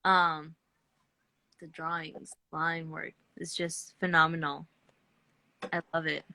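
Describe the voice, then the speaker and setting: A woman's voice: low-pitched, level tone, slow, creaky, sharp tone, dry recording. A woman hosting an artist talk over a video call, upbeat, chatty and encouraging. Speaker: host. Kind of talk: casual interview chat.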